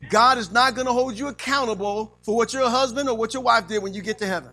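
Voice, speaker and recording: Brief: male preacher, high, bright voice, faint music underneath. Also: fast, rough recording. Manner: call-and-response, animated, frequent amens. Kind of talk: sermon.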